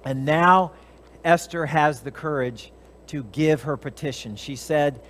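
A man's voice: fairly high pitch, a little slow, fairly bright tone, slight background noise. A man giving a conversational Bible teaching as a preacher, retelling the story with animation and briefly acting out the characters' lines.

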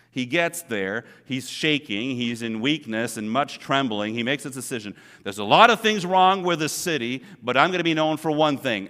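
A male pastor preaching a sermon in a church, moving between loud emphatic lines and quiet asides. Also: on the low side. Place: church sanctuary. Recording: long reverb of a church hall.

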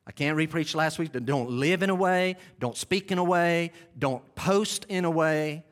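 A man's voice: fairly high pitch, unhurried. Emphatic male pastor preaching. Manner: emphatic, repeats key phrases with rising intensity; conversational asides, self-deprecating. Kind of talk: sermon. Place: church sanctuary.

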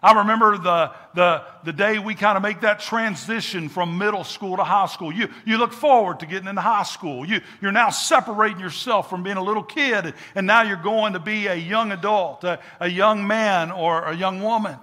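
Male pastor, preaching style, bright edge, echoing sanctuary. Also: high voice, moderate pace, few pauses. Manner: preaching cadence, repeats words for emphasis, call and response. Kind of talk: sermon. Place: church sanctuary with congregation. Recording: echoey church hall.

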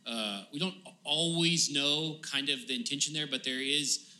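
A man preaching a sermon in a casual, halting way, full of fillers and restarts, growing pleading and emphatic as he paraphrases the psalm. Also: fairly high pitch, sharp tone. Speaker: pastor.

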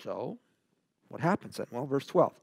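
A man preaching a verse-by-verse Bible sermon, animated and full of rhetorical questions, dropping from loud to hushed. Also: medium pitch, moderate pace, vocal fry, breathy edge, dry recording.

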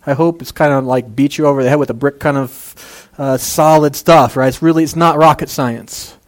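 A man's voice: on the high side, steady tone, normal speed. A man preaching a casual, conversational sermon, making jokey asides and using plenty of fillers. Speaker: pastor.

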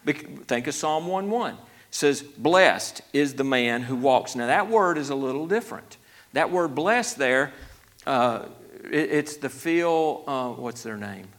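Male pastor, mid-pitched, folksy sermon delivery with restarts and rising emphasis. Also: animated, measured pace, a bit bright. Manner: folksy, conversational, many restarts, grows emphatic. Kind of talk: sermon Bible study.

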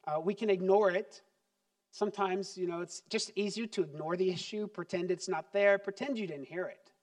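High-voiced animated male preacher. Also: moderate pace. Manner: animated, acts out parent and child voices. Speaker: pastor. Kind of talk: sermon.

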